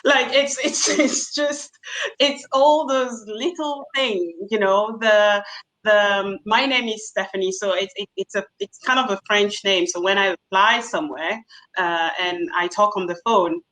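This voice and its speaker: A woman bartender speaking frankly on a video-call panel, animated and laughing often, with many fillers. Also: mid-range voice, a little slow, rough recording. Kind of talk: candid panel discussion.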